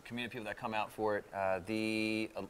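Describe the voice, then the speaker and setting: Brief: a man, stage actor, fast and easygoing, plenty of fillers. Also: lowish voice, flat delivery, a little hiss or hum. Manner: easygoing, quick, filler-heavy. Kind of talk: live TV interview.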